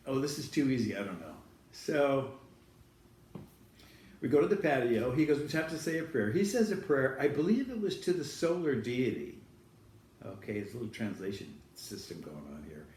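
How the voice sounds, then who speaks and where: A man's voice: medium pitch, darkish tone, slight background noise. Rambling man telling a story in an echoey room. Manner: rambling, self-correcting anecdotes. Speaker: host telling a personal story. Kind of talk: casual storytelling to camera. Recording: echoey room, far from the mic.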